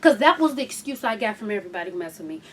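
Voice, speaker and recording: A woman hosting a frank casual chat, telling blunt, profane stories with loud outbursts and hushed asides. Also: medium pitch, sing-song, rapid-fire, recorded from a distance. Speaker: host.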